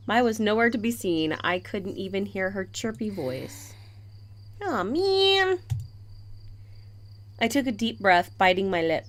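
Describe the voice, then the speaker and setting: A woman playing a visual novel, reading its text aloud and breaking off to comment with giggles. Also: mid-range voice.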